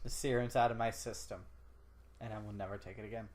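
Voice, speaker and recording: A man's voice: lowish voice, fairly even intonation, fast talker, darkish tone, a little hiss or hum. A man co-hosting a podcast in casual chat, joking and laughing often as he teases his partner. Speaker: podcast co-host.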